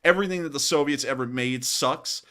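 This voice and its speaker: A man hosting a livestream, chatting casually and telling stories in an animated way. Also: mid-range voice, a little fast, smooth. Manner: animated storyteller, says y'all. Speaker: host of a war news livestream.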